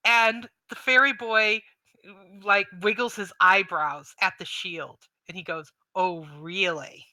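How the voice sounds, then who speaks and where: A woman narrating a tabletop game as game master, in a lively, giggly way. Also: mid-range voice, a little slow, no echo.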